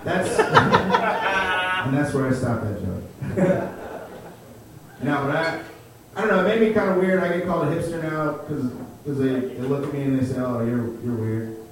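A man's voice: fairly high pitch, sing-song, moderate pace, noisy background. A young man from Chicago doing a stand-up set, telling stories in a laid-back way and laughing at his own jokes. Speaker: stand-up comedian. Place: comedy club stage. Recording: roomy, distant club recording.

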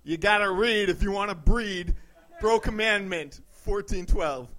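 A man playing a deadpan young bro who delivers grandiose, pseudo-philosophical musings in an improvised comedy bit. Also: sits high, unhurried, rough recording.

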